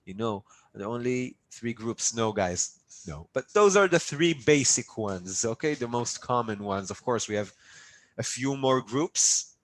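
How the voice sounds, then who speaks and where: A man's voice: medium pitch, animated, unhurried, poor audio. A man teaching a live online language lesson, upbeat and coaxing his students to repeat drills after him over a video call. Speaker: Hebrew teacher.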